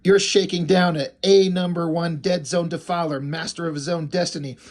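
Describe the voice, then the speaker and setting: A man's voice: a little high, steady tone, moderate pace, close to an everyday voice. Boastful comic-book pig sidekick, endless hype-man patter; a man reads it. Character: bombastic male pig-creature sidekick and self-styled bard. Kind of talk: reading comic dialogue aloud.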